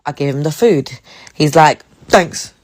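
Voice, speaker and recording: A woman from England telling a dating story in a casual, animated way, laughing and swearing. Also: on the low side, normal speed, slight background noise.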